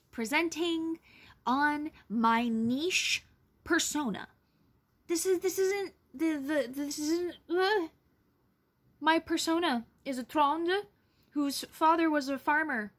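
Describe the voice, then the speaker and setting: A young woman records a casual phone vlog, her voice sitting a little high. She rambles and frets, making fun of herself as she talks. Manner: rambling, anxious, self-deprecating. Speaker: vlogger.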